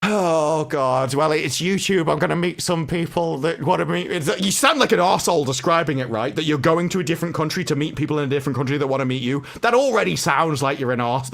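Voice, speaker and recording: Man, gravelly, slightly high voice, exasperated rant, casual podcast chat. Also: a bit bright. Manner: exasperated storytelling, mimicking officials in lowered voice. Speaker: panelist on a film talk show. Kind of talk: casual chat, ranting anecdote.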